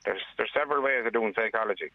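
An Irish father speaking earnestly on a radio phone-in, with plain, halting restarts. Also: lowish voice, no echo. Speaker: caller, father. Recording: dry tinny phone line.

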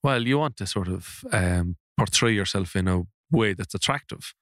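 A man playing a comedy panel guest, telling absurd stories deadpan. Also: low voice, normal speed, no echo, studio quality. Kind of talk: deadpan comic banter.

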